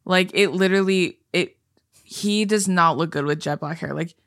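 A young woman co-hosting a podcast in casual chat, animated, swearing freely and bursting into shrieking laughter. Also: on the low side, normal speed, no room sound, clean studio sound. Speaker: podcast co-host.

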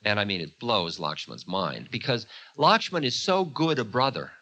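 A man's voice: on the low side, lively intonation, moderate pace, pushed and bright. A man from the United States telling an old story in a chatty way, full of asides. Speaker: spiritual teacher. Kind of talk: storytelling talk.

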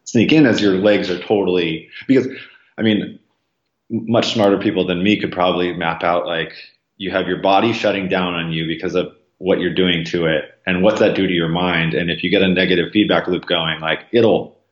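Low-voiced man, rambling in a roomy room. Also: steady tone, normal speed. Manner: rambling, frequent ums and likes, restarts; acts out quoted voices with jumps in pitch. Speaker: podcast guest, marathon runner. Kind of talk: casual interview conversation. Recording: roomy, slightly dull sound.

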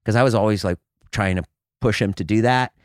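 A man's voice: lowish voice, a little fast, dry recording, studio quality. A man chatting as a podcast guest, talking loosely with lots of "like" and restarts. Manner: animated, filler-heavy talk with many restarts. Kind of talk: casual chat.

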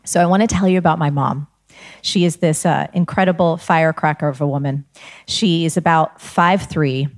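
A middle-aged woman from New Jersey telling a personal story as a guest, animated and acting out quoted lines. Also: sits low, moderate pace. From New Jersey, USA. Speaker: guest speaker. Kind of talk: storytelling talk.

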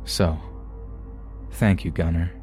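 A man narrating submitted true scary stories in a calm, measured storytelling manner. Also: low-pitched, faint music behind. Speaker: podcast narrator.

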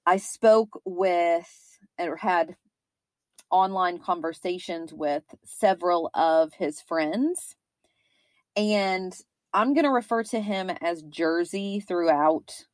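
A woman in her thirties with a Kentucky accent co-hosts a true-crime podcast, rambling chattily and using lots of fillers. Her voice is lowish and slow, with no echo.

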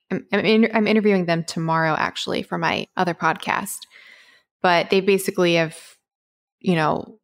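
A woman with a fairly low voice co-hosts a casual podcast. She talks in a chatty, rambling way, full of fillers and trailing asides. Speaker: podcast co-host.

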